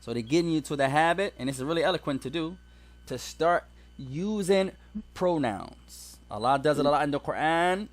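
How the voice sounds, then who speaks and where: Guy teaching arabic grammar, kinda high voice, goes through examples one by one. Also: expressive, moderate pace. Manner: explains step by step, mixing English and Arabic examples. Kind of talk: classroom grammar lesson.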